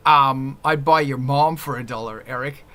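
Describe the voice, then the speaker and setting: A man hosting a casual livestream chat, joking and crude, with sudden jumps in loudness. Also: mid-range voice, normal speed. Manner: joking, crude, loud swings in volume. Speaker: livestream host.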